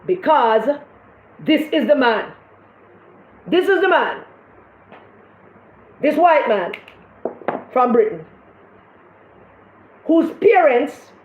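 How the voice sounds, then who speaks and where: High-voiced jamaican lady ranting about politics, scolding, echoey dull room sound. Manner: fiery, scolding, rhetorical questions. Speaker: political commentator. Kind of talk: impassioned political commentary.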